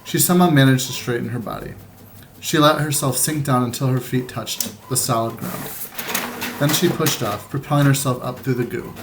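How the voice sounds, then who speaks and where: A man, a teacher, reading a children's novel aloud to his students in a plain, unhurried way, lightly voicing the dialogue, then going over the day's plan. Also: mid-range voice, gravelly, noisy background. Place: room at home with a printer nearby.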